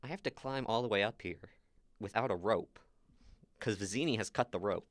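Low-voiced man recapping a movie. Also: no echo. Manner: animated retelling, quick quoted asides. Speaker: podcast co-host. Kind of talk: casual movie recap chat.

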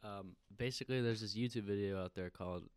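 A young man co-hosting a casual podcast, laid-back and chiming in with quick remarks. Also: lowish voice, clean tone, no room sound, studio quality. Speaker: podcast co-host. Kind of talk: casual chat.

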